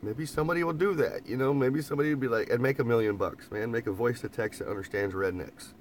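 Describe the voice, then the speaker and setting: A man's voice: medium pitch, fast talker, few pauses. Easygoing man in a van, chatting live to viewers, repeats himself and laughs a lot, light background hum. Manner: rambling, laughs often, repeats phrases. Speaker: vlogger reading live chat. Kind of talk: casual live-stream chat. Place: inside a parked camper van.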